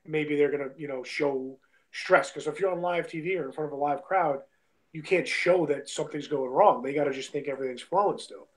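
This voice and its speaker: A young man tells a long story in a loose, rambling way, peppered with "like", "bro" and "you know". His voice sits a little higher than most men's. He talks as a guest, in easy conversation. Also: a little fast, rough recording. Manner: loose and chatty, heavy on "like", "bro" and "you know what I mean". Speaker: guest, independent wrestler. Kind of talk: casual storytelling.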